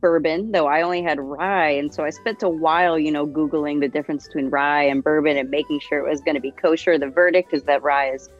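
A woman with a low voice chats as a guest, thoughtful and hesitant, often pausing with ums. The sound is dull and lo-fi, like a muffled call. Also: steady tone, faint music behind. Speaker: guest activist. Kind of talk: casual chat.

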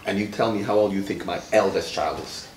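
This retired footballer from Jamaica, a man in his fifties, has a low-pitched voice and talks briskly. He chats with a child in a friendly, teaching manner, playful and quizzing, stretching words to stress them. The room sounds roomy, he's far from the mic, and there's faint background noise.

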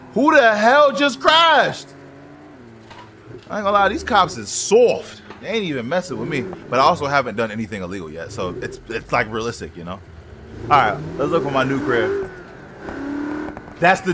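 A man giving casual, profane gameplay commentary as a gaming video host, reacting loudly to what happens in the game. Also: fairly high pitch. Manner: excitable, profane outbursts at the game. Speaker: gaming YouTuber. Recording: noisy game audio under voice. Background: driving game engine and traffic sounds.

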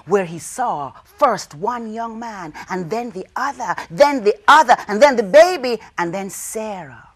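A woman telling a folk tale to children, dramatic, with call-and-response and hushed whispers. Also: mid-range voice, animated, unhurried, few pauses. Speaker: storyteller. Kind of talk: storytelling for children.

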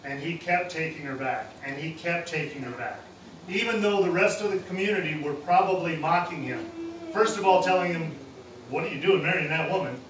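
A man's voice: fairly high pitch, normal speed. A man preaching a sermon in a plain-spoken, casual way, using everyday slang. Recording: roomy echo, heard from a distance with faint noise.

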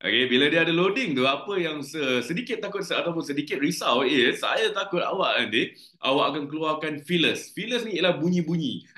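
A man's voice: a little high, fast, reverberant. A man with a Malaysian accent, a teacher giving chatty, jokey exam tips in a casual lesson. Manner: chatty, animated, jokey, code-switching. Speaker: English teacher.

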